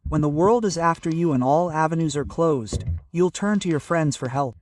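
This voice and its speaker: A man's voice: on the high side, normal speed. A man from India giving an emotional sermon to a gathering, impassioned, repeating his phrases and building to fervent appeals. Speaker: preacher. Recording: distant mic with loud crowd noise. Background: crowd.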